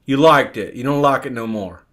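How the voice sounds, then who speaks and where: A man's voice: medium pitch, normal speed, fairly bright tone, lightly acted. A man doing a needling TV psychologist. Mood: mocking. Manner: prodding, mocking, repeats the other man's name. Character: needling older male TV psychologist, bossy. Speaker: co-host doing an impression.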